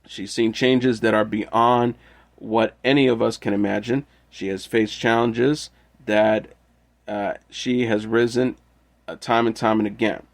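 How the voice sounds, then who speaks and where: A man hosting an entertainment news show, reading out tributes in a steady, measured way. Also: on the low side, vocal fry. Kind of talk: reading news and quotes aloud.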